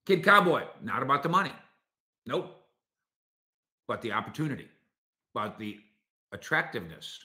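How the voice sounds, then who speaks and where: Man, sports podcast host, bright tone, animated, echoey room. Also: mid-range voice, moderate pace, long pauses. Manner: animated, argumentative, talks to listeners directly. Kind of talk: solo sports talk show.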